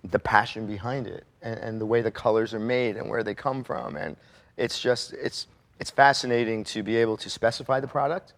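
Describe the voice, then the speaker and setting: A man who is an interior designer, telling anecdotes in a chatty way on a panel. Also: on the low side. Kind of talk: panel talk, storytelling.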